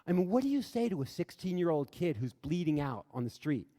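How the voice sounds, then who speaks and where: A man giving an impassioned talk to an audience in a large room. He tells stories earnestly, building to loud, emphatic bursts and then dropping quiet. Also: a little high, very animated, fairly quick. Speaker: speaker addressing an audience. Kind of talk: impassioned public talk with storytelling. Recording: reverberant hall sound.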